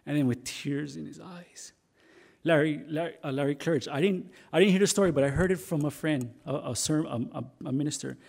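A man preaching a storytelling sermon in a somewhat high, gravelly voice. He halts at times and repeats himself as he goes. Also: darkish tone. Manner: halting, repeats and restarts words.

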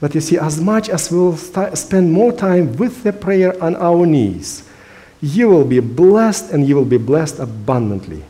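This pastor delivers his sermon in English, his second language, with an animated, earnest, emphatic manner. He pauses frequently with slight hesitations, and his soft, mellow voice is somewhat high for a man.

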